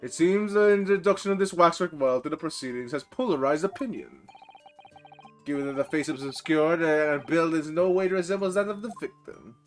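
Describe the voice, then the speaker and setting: A man voicing a stern, imperious male prosecutor from a video game in a deep, slow, sardonic tone. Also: faint music behind, natural voice.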